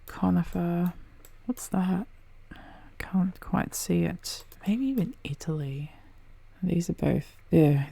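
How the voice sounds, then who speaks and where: Gravelly low-voiced woman muttering. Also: mellow. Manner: muttering half-whispered asides, casual swearing. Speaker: game commentator. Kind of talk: casual gameplay commentary.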